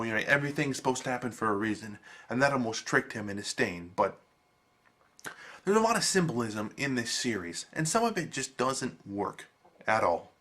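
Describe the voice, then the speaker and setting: A man giving a casual video review, animated and emphatic, swearing freely. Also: mid-range voice.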